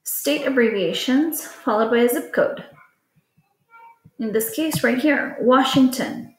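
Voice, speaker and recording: A woman's voice: a little high, lively intonation, slow, a little hiss or hum. A woman teacher patiently explaining a lesson to children in a recorded class video. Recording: echoey room.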